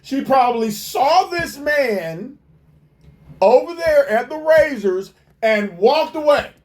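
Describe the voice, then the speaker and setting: A man ranting through a reaction video, his pitch leaping all over as he mocks the clip in disbelief. He talks slowly, drawing out his scorn. Every other sentence carries a curse. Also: lively intonation. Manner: mocking, incredulous, swearing heavily. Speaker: commentator. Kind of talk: profane reaction commentary.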